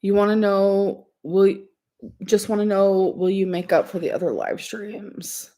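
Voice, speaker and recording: A young woman chats to her livestream viewers in a loose, rambling way. She giggles often and fills her talk with "like" and "um". Her voice sits at an ordinary middle pitch. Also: unhurried, warm tone. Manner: chatty, rambling, giggly, lots of "like" and "um". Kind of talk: casual livestream chat.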